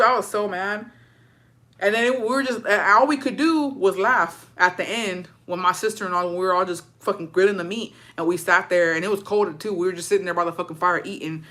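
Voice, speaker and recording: Profane animated woman telling a story. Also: mid-range voice, quick pace. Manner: profane, animated, mixes in Spanish words. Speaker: storyteller on a livestream. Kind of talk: casual storytelling rant.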